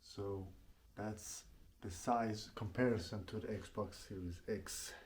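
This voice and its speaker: Slow-talking man unboxing gear. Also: on the low side, steady tone, a little mellow, slight background noise. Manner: unhurried, plainspoken, often restarting phrases. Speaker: tech reviewer. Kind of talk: casual product unboxing. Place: apartment at home.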